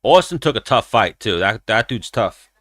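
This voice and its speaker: A man hosts a casual livestream, swearing freely and getting animated as he tells stories. His voice is on the low side with a forceful, sharp edge, and it sounds close and dry. He acts out his own quoted lines as he goes. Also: normal speed, dry recording. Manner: profane, animated storytelling. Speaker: show host.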